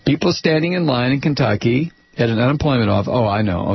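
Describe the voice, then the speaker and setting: A man hosting political talk radio, ranting with mocking, angry insults, his voice rough and husky. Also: medium pitch, expressive, fast. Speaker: radio talk show host. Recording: dull lo-fi radio audio.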